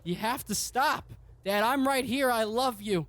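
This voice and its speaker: A desperate grown son, put on by a man running a tabletop game pleads in a high, strained voice pitched far above the narrator's own. His words come out loud and urgent. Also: measured pace, no echo. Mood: pleading. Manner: pleading, strained, rising to shouts.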